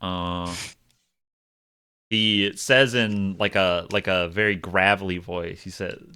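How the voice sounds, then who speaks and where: A man narrating a tabletop game as game master, describing scenes in a halting, stop-start way. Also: low-pitched, fairly even intonation, sharp tone, smooth.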